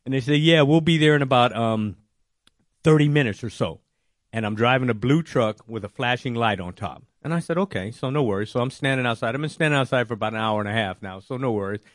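A man telling a personal faith testimony, animated and acting out his own worried words. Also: mid-range voice, brisk, no room sound, studio quality. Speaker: testimony speaker.

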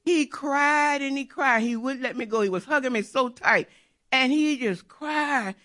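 A woman's voice: sits high, measured pace, fairly bright tone. A middle-aged woman telling a personal faith testimony in an earnest, repetitive storytelling way. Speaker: churchgoer giving testimony.

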